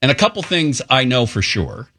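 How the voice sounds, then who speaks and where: A middle-aged man, a radio co-host, chatting casually and telling lively stories that he laughs his way through. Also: mid-range voice, moderate pace. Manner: animated storyteller, laughs through his anecdotes.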